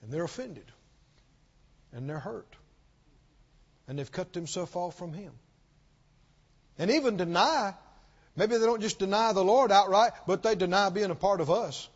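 A man preaching a sermon as pastor, swinging from loud declarations to soft pleading, with repetitive call-and-response. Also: sits high, animated, a little slow, pauses often, muffled recording.

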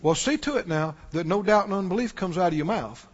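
A man's voice: high-pitched, lively intonation, a little fast. A man preaching a sermon in a folksy way, acting out the voices of the people he quotes. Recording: muffled recording in a reverberant hall.

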